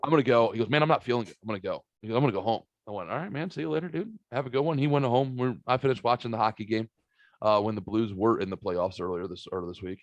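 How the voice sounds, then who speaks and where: Male podcast host from the Saint Louis area, casual storyteller, lively and profane, dry close mic. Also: fairly low pitch, very fast, no room sound, highs cut off. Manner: animated, swearing, acts out quotes. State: recovering from a sinus virus.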